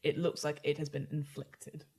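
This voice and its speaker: A woman's voice: sits low, completely flat delivery, moderate pace, dark tone. A woman narrating as game master, describing scenes in a chatty, loose way.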